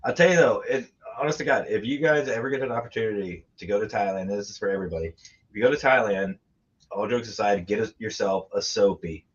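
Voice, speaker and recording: A man's voice: lowish voice, fast, husky. A man telling crude, laughing travel stories in a casual podcast chat. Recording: dull lo-fi sound.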